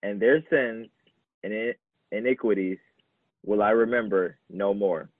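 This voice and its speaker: A man reading scripture aloud, slow, low and measured, in a solemn style. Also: no room sound. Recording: tinny, phone-like sound.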